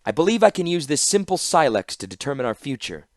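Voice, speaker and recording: A man's voice: on the high side, quick pace, no echo, studio quality, voice pushed up. A man voicing a cunning, formal woman artificer. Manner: formal, flattering address.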